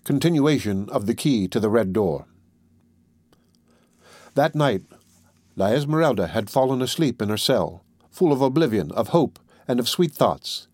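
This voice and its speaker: A man reads a classic novel aloud in a measured, even way. His voice sits at a middle pitch. The recording is close and dry, with no room around it. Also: no echo. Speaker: audiobook reader. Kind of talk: scripted narration of a classic novel.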